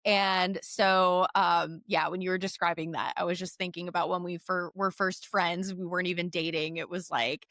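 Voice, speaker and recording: A woman's voice: lowish voice, flat delivery, moderate pace, hardly any pauses, a bit bright, no echo. Woman, podcast co-host, casual enthusiastic chat, lots of likes and ums, dry close sound. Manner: chatty, filler-heavy, enthusiastic.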